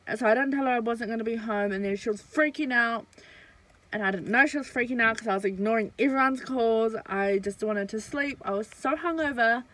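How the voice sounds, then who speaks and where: A woman's voice: a little high, a little fast, a bit bright, low-quality recording. A young woman chats through a casual storytime vlog. She talks while eating, loose and rambling, with plenty of fillers and restarts. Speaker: vlogger.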